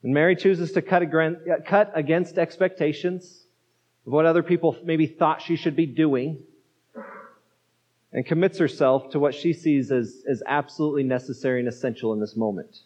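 A man with a fairly high voice preaches to his congregation, talking through the point conversationally and leaning on rhetorical questions. His voice hangs in the long reverb of a church sanctuary, and the recording sounds muffled and low in fidelity. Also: steady tone, moderate pace, a little mellow. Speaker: pastor. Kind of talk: sermon.

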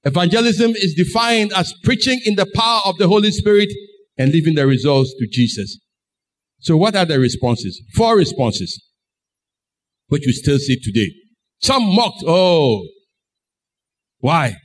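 A male pastor delivers his sermon in a high, ringing voice. He tells the story with great drama and slips into the voices of each character as he goes. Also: animated, normal speed.

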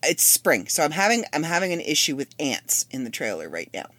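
A woman's voice: low voice, very animated, brisk, pushed and bright, dry recording. A woman in her fifties hosting a solo podcast, chatty and rambling with wry asides. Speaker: podcast host. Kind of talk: casual solo podcast monologue.

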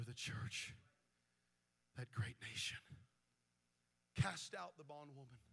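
A man preaching a pentecostal sermon as pastor, moving from quiet, intense passages to shouted, soaring preaching. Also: medium pitch, vocal fry. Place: church sanctuary. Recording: live church with organ music behind. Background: music.

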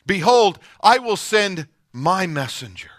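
Male pastor, high bright voice, dry close sound; delivers a sermon with dramatic swings from loud to hushed. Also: very animated, takes it slowly, dry recording.

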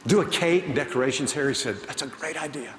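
A pastor with a fairly high voice preaches a sermon quickly and animatedly, telling a story and acting out the voices of its characters. The echoey church hall adds faint ambience, along with slight background noise.

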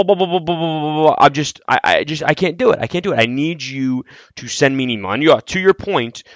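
A man's voice: mid-range voice, fairly bright tone, no echo. A man co-hosting a podcast as a reporter, voicing complaints in a blunt, emphatic way. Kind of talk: casual podcast chat.

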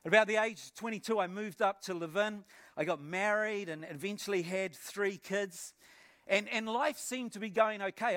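Middle-aged NZ-accented male pastor, fairly high voice, lively testimony storyteller who acts scenes out. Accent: New Zealand. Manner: animated storytelling, acts out scenes, repeats words. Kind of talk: personal testimony sermon.

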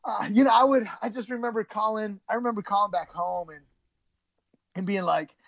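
Gravelly man telling his story haltingly. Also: sits high, a bit bright, no room sound, dull audio. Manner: halting, many restarts and throat clearing. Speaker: guest, former college wrestler. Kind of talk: candid conversational storytelling.

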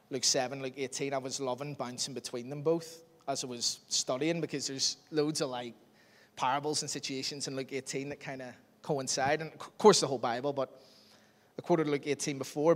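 A man preaching a sermon in a chatty, self-deprecating way, laughing often. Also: medium pitch. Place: church hall. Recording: long hall reverb.

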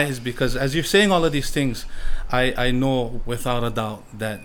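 A man's voice: medium pitch, brisk, few pauses, fairly bright tone. A man from Hawaii, a farmer and father, speaking as a podcast guest in a humble, earnest way and laughing easily. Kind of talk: casual podcast interview.

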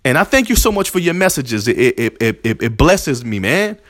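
A man's voice: mid-range voice, very animated, normal speed, a bit bright, no room sound, clean studio sound. A man hosting a religious podcast, talking in an emotional, preacherly way and repeating himself as he thanks his listeners. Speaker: podcast host. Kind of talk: heartfelt religious podcast talk.

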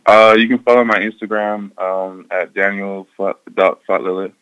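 A young man in his twenties being interviewed as a football player, giving brief, low-key answers with plenty of fillers. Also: level tone, moderate pace, a bit bright, clear, resonant tone, no room sound, highs cut off.

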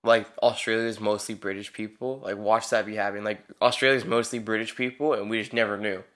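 A man's voice: fairly low pitch, steady tone, a little fast, fairly bright tone. A young man in his late teens chatting casually as a co-host, teasing and sarcastic in his banter. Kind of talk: casual chat.

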